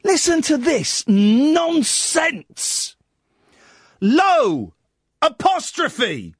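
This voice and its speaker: A man's voice: very high voice, very animated, drawn-out words, pauses often, no echo, studio quality. A man hosting a radio show, delivering a comic, mock-outraged rant and humming bits of tunes. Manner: incredulous, ranting, mock-outraged; sings and hums snatches of tunes. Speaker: radio host.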